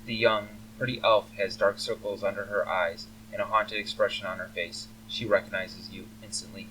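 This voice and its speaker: A man's voice: fairly low pitch, fairly even intonation, moderate pace, sharp tone, slight background noise. A man reading a role-playing game's text aloud, with casual, chatty asides between passages. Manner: plain narration broken by chatty asides. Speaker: game player reading aloud. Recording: faint humming, slightly distant mic.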